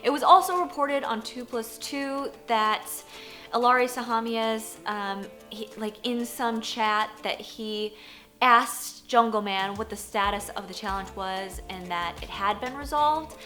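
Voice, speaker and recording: A woman in her thirties tells a vlog story in a high, bright voice. She is animated, fills her sentences with "like", and acts out her own reactions. Faint music plays behind her. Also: a little slow. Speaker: poker journalist and vlogger.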